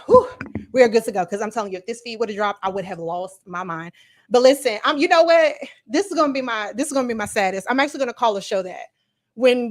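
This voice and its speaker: A woman hosting a casual livestream from her computer at home, talking straight to her viewers. Her voice sits a little high, and she is chatty and animated and laughs easily. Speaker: livestream host. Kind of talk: casual livestream reaction chat.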